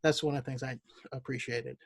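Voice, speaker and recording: A man co-hosting a podcast in casual chat, relaxed and reflective. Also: mid-range voice, fairly quick, breathy edge, no echo. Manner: relaxed, reflective, laughs easily. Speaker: podcast co-host.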